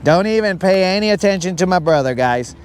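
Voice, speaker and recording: This fishing livestream host has a high, expressive voice, with slight background noise behind him. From a boat on an outdoor lake, he chats in a joking way, calls out viewers by name to tease them, and goes off on long asides.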